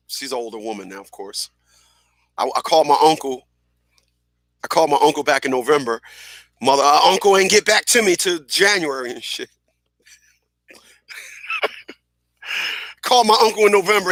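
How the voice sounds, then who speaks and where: A middle-aged man hosting a radio show, telling stories in a casual, animated way, repeating phrases and acting out what people said. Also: on the high side, dry recording, clean studio sound. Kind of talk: casual storytelling monologue.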